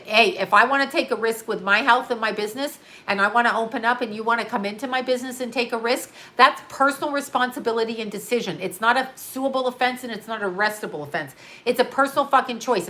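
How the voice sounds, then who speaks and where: A woman's voice: a little high, sharp tone. Tired, rambling woman livestreaming. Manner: rambling, blunt, swears freely. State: tired, yawning. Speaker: astrologer and livestream host. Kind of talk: casual livestream chat reading viewer comments. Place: her home studio.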